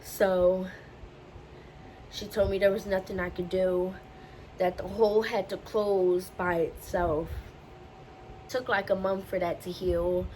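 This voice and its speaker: A woman's voice: mid-range voice, little pitch movement, slow, pauses often, warm tone, a little hiss or hum, rough recording. A young woman vlogger telling a personal story in a casual, emotional way, often repeating herself as she recounts it. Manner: emotional, repetitive retelling.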